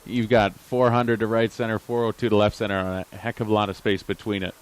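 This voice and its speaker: A man's voice: fairly low pitch, flat delivery, fairly quick, low-quality recording. A man giving chatty, joking color commentary on a college baseball game.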